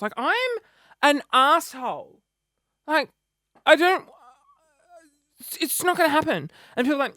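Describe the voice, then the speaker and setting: A man's voice: very high voice, very animated, unhurried, long pauses, bright, forceful tone, dry recording, studio quality. A man in his thirties chatting casually to camera in a self-mocking, dramatic way. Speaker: vlogger.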